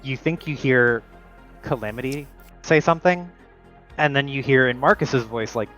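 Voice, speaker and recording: A man's voice: mid-range voice, normal speed, fairly bright tone, faint music behind, low-quality recording. A man narrating as game master of a tabletop role-playing game, loose and full of fillers.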